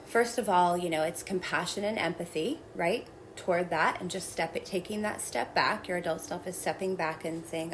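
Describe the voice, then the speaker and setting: A woman guest calmly explaining a self-help technique in a measured, reflective way. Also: lowish voice, slight background noise, rough recording.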